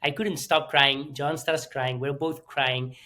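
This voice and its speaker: A man from Spain, a guest telling his story in an interview with animated restarts and fillers. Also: mid-range voice, slow pace. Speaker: entrepreneur guest.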